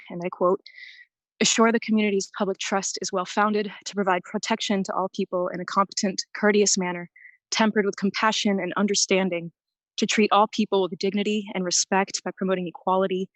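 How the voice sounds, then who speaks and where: A woman's voice: mid-range voice, no room sound, low-quality recording. Earnest breathless woman giving public comment. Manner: earnest, prepared statement. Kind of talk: public comment at a council meeting. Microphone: remote call-in.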